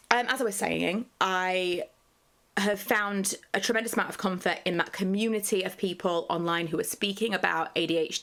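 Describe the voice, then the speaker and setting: A woman's voice: lowish voice, fairly bright tone. A woman, talking candidly in a personal vlog, rambling with many fillers. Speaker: vlogger.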